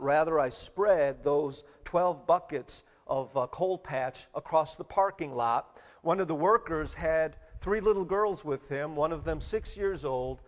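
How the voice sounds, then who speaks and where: A male pastor preaching a sermon, telling a story with pauses and fillers before building to emphatic preaching. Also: a little high, in a large hall.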